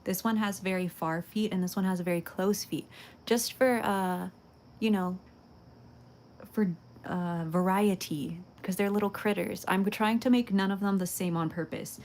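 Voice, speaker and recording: A woman's voice: medium pitch, steady tone, measured pace, a little mellow, slight background noise. A young woman livestreaming while making pottery, chatting casually and giggling with her viewers. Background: faint game music.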